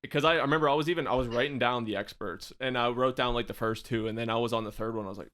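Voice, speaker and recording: Male podcast host, casual and jokey, laughs a lot, mid pitch. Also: very fast, fairly bright tone. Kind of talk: casual chat.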